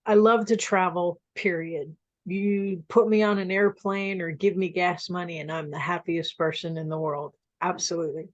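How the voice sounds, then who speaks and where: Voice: medium pitch, steady tone, moderate pace, no echo. Participant giving an upbeat impromptu talk, muffled dry video call sound. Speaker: workshop participant. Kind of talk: impromptu speech.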